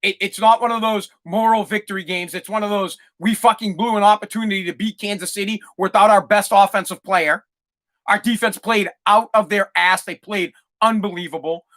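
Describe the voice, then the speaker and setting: A fired-up man rants through a solo sports podcast. His voice is bright and edgy, and he swears freely and trips over his own restarts as he talks. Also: sits high, fairly even intonation, brisk. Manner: fired-up, swearing, repeats himself. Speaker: podcast host.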